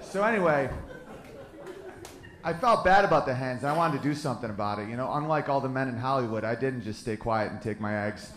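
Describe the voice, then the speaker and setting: A man's voice: medium pitch, animated, a little fast, a bit bright. A man in his thirties doing stand-up comedy, crude and brash as he tells a story. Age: 30s. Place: live comedy venue. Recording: echoey live room, crowd laughter.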